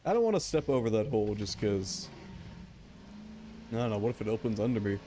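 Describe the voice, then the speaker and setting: Guy streaming a game, lively up-and-down voice, goofy rambling banter w chat, faint noise behind. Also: on the low side, fairly quick. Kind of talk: casual gameplay commentary.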